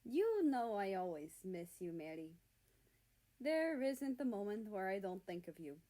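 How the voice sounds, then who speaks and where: A woman voicing a loving man who hides his nerves, speaking softly and affectionately in a storybook reading. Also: medium pitch, big pitch swings, a little slow. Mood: tender. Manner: soft and affectionate. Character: tender, loving man, secretly nervous.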